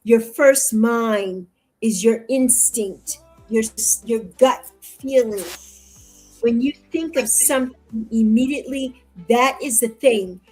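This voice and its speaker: A woman's voice: a little high, takes it slowly, a little mellow, breathy edge, soft background music, poor audio. An older woman in an interview, speaking in a heartfelt, repetitive way that rises into tearful pleading. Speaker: interview guest. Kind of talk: emotional interview conversation.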